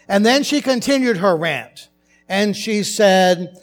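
A male pastor preaching a sermon in his church, telling stories in a conversational way with animated asides. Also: high-pitched, takes it slowly, faint music behind. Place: church sanctuary.

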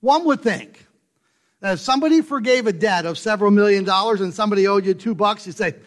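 Speaking fast, a male preacher delivers a forceful sermon full of rhetorical questions, swinging from quiet, low asides to loud, heavily stressed points.

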